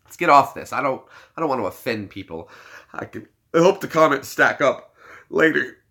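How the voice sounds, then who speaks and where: A young man from the United States chats casually on his livestream, cracking jokes and playing with words. His voice is bright and forward, and his pitch swings widely. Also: expressive, moderate pace, vocal fry. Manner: joking, laughs often, plays with words. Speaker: livestream host.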